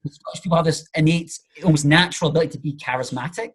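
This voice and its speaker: A man with a slightly husky voice talks in a relaxed podcast chat. He explains his points with everyday examples and keeps things loose and conversational. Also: on the high side, racing. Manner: chatty, explaining with examples and filler phrases. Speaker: podcast guest, charisma coach.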